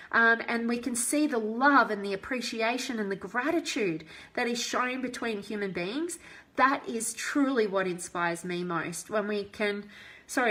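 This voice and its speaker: Woman host of a live inspirational stream, eager and sincere, slightly high register. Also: a bit bright. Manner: enthusiastic and heartfelt, reads out viewer comments. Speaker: host and motivational coach. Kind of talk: live-stream chat with viewers.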